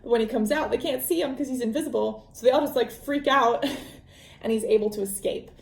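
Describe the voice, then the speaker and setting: A woman's voice: a little high, fairly quick, creaky. A woman hosting a podcast, retelling a book's story in a chatty, rambling way full of fillers. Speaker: podcast host. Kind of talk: casual book recap. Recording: roomy echo.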